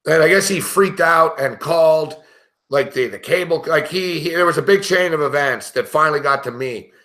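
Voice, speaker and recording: A middle-aged man hosts a sports betting show and tells brash, profane stories in casual chat. His voice is bright and forceful and sits a little high, and he laughs as he talks. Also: normal speed.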